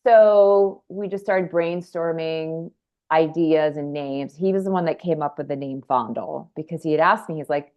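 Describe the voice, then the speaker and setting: Earnest woman in her forties as a rambling podcast guest, low voice, dull lo-fi audio. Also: moderate pace, darkish tone. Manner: earnest, rambling, frequent restarts. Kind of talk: candid conversational storytelling.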